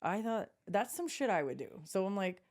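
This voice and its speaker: Mellow-voiced woman chatting on a podcast. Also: mid-range voice, big pitch swings, moderate pace. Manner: chatty storyteller, frequent fillers and restarts. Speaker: podcast co-host. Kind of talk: casual chat.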